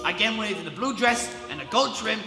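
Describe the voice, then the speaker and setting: An actor playing a sheriff who calls out an archery contest with loud, formal announcements, in a live stage play. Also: male voice, high-pitched, animated, quick pace. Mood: commanding. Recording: echoey hall, music behind.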